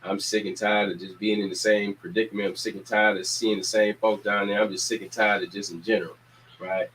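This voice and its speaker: Energetic man rallying his community. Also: on the low side, a little fast, slight background noise, low-quality recording. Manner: preacher-like repetition, energetic calls to action. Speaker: community organizer and show host. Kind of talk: casual community announcements.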